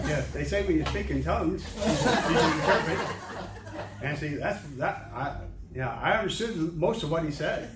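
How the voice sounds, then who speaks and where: A slightly high, animated voice at a moderate pace belongs to an older US missionary telling a rambling, comic testimony in a large church hall, full of restarts and chuckles. The distant mic picks up hall echo and ambient noise.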